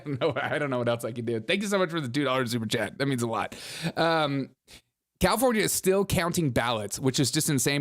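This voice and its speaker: A man with a fairly high, slightly bright voice hosts a live-streamed political commentary show. He reads headlines and super chats, cracking sarcastic jokes and frequently laughing at his own lines.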